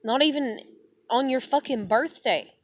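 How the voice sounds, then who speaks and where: A woman's voice: high-pitched, unhurried, a little hiss or hum. A woman venting in a heated, profane, rambling monologue. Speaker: vlogger.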